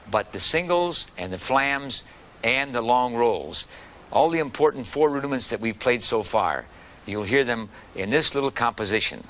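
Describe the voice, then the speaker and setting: A medium-pitched man gives a beginner drum lesson, calmly and patiently counting, calling out stick strokes, and explaining rudiments. Snare drum rudiments are played along behind his voice.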